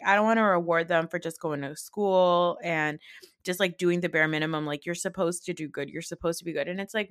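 A woman's voice: on the low side, fairly bright tone, no echo, clean studio sound. A woman hosting a podcast, recapping reality TV in a chatty, opinionated way, swearing freely and correcting herself often. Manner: frequent fillers and self-corrections. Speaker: podcast host.

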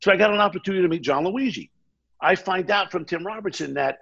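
A man telling an animated anecdote as an interview guest, acting out the dialogue he quotes. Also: high-pitched, quick pace, creaky, husky, highs cut off. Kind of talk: casual storytelling.

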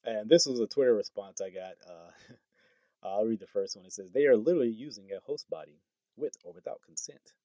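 A man's voice: on the low side, fairly quick, dry recording. A man giving casual political commentary, reading tweets aloud and reacting with incredulous, stumbling remarks and short laughs. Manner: animated, incredulous, stumbles over words with laughs.

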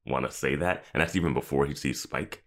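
A man's voice: very deep voice, fairly quick, fairly bright tone. A man co-hosting a podcast, chatting in a laid-back way about a TV episode, laughing often and adding analysis. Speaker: podcast co-host. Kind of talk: casual episode discussion.

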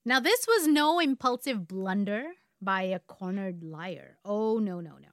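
A woman's voice: medium pitch, fairly bright tone, no echo, studio quality. A woman in her forties from India, co-hosting a podcast and telling a true crime story in a casual way with wry asides.

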